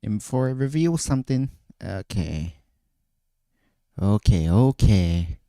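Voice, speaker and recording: A man's voice: on the low side, lively intonation, takes it slowly, warm tone, no echo, studio quality. A man streaming casually, thinking aloud, often trailing off and restarting his phrases. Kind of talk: casual livestream chat.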